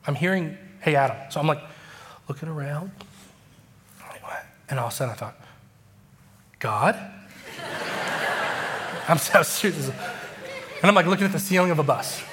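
A man preaching a sermon, telling stories and acting out quoted dialogue with lively emotion. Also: on the high side, measured pace, long pauses, slight background noise. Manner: animated, acts out quoted dialogue. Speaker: pastor. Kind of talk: sermon storytelling.

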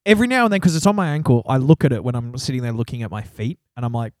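A man's voice: medium pitch, very fast, no room sound, studio quality. A man, co-hosting a podcast in casual chat and laughing often as he banters. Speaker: podcast co-host.

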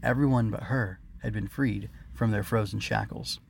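A man, the author, narrating his own story in a steady, measured audiobook reading. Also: on the low side, creaky, husky.

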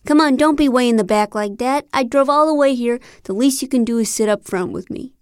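A woman's voice: fairly high pitch, fairly quick, no room sound, clean studio sound, close to an everyday voice. A woman reading an audiobook, voicing a friendly, earnest man in his thirties who talks in an eager, chatty way. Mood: coaxing. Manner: chatty, eager, animated outbursts. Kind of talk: audiobook character voice.

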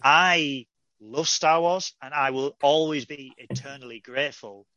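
A man's voice: medium pitch, a little slow, sharp tone, no room sound, highs cut off. A man co-hosting a casual podcast chat, telling stories with animation and acting out quoted lines.

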